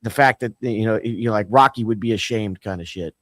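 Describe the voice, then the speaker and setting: A man's voice: lowish voice, brisk, a bit bright, dry recording, clean studio sound. A man co-hosting a podcast, telling a rambling story with loose restarts and casual swearing. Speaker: podcast co-host.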